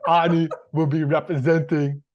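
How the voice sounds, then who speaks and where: Man doing a gruff Austrian-accented action-hero bit, slow, loud, halting, mock-serious, video-call audio. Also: fairly high pitch, flat delivery, muffled recording, slight background noise, natural voice. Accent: Austrian German. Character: impression of an older male action-movie star.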